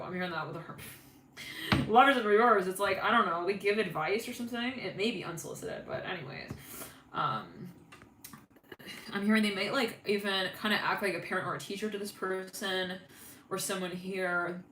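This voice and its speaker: A woman's voice: medium pitch, expressive, moderate pace, roomy sound, background noise. A woman giving a casual tarot reading. She rambles with many fillers and keeps breaking into giggles. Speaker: tarot reader.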